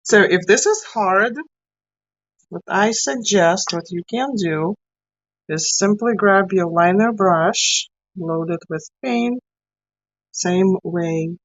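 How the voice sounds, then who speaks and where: A woman's voice: medium pitch, slow pace, dry recording. A woman teaching a live painting class, chatty and encouraging as she works along with her students. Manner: chatty, encouraging, talks while working. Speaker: art teacher. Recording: dry, slightly dull sound.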